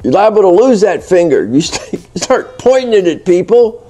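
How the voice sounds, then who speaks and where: With a high pitch that swings widely, this American channel host speaks at normal speed in a mellow tone. He teaches spoken English in a loose, rambling way, poking fun at his audience and restarting often, over faint background music.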